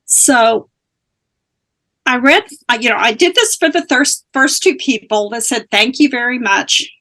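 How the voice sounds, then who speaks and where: A woman's voice: a little high, expressive, unhurried, bright, forceful tone. A woman guest, a spiritual teacher, earnestly telling a personal story in conversation, with small restarts.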